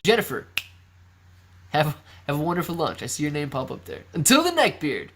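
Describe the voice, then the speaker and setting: A man's voice: fairly high pitch, a little fast, a little hiss or hum. A man hosting a live stream, energetically reading out viewer names and signing off. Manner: energetic, rattles off viewer shout-outs. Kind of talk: live stock stream chat.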